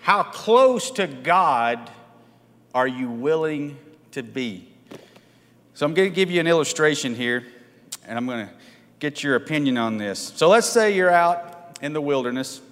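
A man with a slightly higher voice preaches in a casual, questioning way, tossing rhetorical questions to his congregation. His voice rings out with a long reverb through a church sanctuary. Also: expressive, moderate pace. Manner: conversational, asks the congregation questions, frequent "right?" tags. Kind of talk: sermon.

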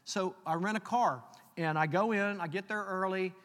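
A man preaching a sermon, reading scripture slowly and telling personal stories in a conversational way. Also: high-pitched, a bit bright. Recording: long hall reverb.

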